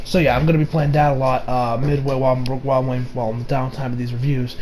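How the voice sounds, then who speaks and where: A man casually reviewing an anime episode, animated and swearing freely, acting out characters with big voice swings and laughs. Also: mid-range voice, fast talker. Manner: swears freely, many fillers.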